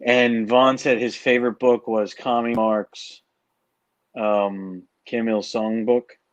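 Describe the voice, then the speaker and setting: A man co-hosting a casual late-night stream, rambling and riffing on the guests. His voice sits at a middle pitch. The sound is dry and a bit dull, like lo-fi stream audio. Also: flat delivery, takes it slowly, dry recording. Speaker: co-host.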